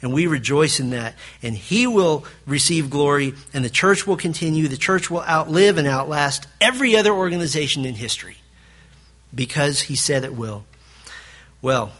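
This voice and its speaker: A pastor preaching a sermon in a fairly high male voice. He drives his points hard, then pulls back to a near-hush to let them land. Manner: emphatic preaching that swings from loud to hushed.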